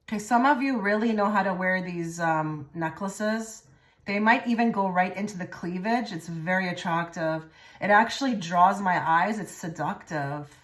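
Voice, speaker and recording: Woman reading tarot cards for an audience, loose and repetitive, drifting to soft murmurs. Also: medium pitch. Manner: rambling and repetitive, often trailing into soft murmured phrases. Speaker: tarot reader. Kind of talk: pick-a-card tarot reading.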